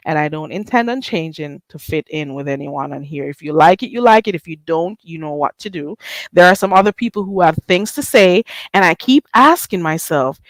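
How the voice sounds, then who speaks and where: A woman's voice: fairly low pitch, animated, moderate pace, no room sound. Sassy, blunt woman streamer. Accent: Caribbean. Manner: blunt, sassy, rhetorical, reads chat names aloud. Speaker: channel host. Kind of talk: casual livestream chat.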